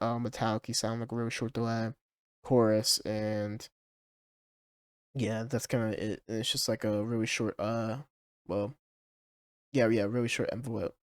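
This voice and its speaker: A male music producer casually talking through a song project, hesitant and full of fillers, with his track playing clearly underneath. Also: lowish voice, dry recording, studio quality. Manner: hesitant, full of ums and likes.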